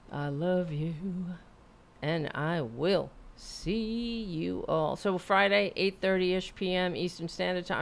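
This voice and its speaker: Chatty woman host, low voice. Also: vocal fry. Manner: chatty and rambling, swears freely. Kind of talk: casual live-stream sign-off chat.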